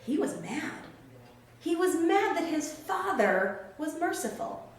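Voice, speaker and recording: A woman telling a Bible story to children in an animated way, acting out the characters' lines. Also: very high voice, slow pace, far from the mic. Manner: animated, acts out characters' quotes. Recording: very echoey room, faint background noise.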